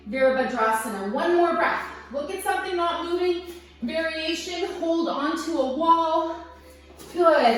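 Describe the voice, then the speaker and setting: A woman teaching a guided yoga class, giving gentle, encouraging cues with playful asides, a little out of breath. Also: high voice. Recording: very echoey room, voice from a distance, soft music behind.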